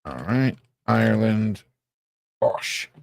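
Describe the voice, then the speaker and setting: Gravelly low-voiced man. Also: big pitch swings, slow pace, darkish tone, no echo. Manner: muttering to himself while working, playful asides. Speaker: live streamer. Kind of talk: casual live-stream chat.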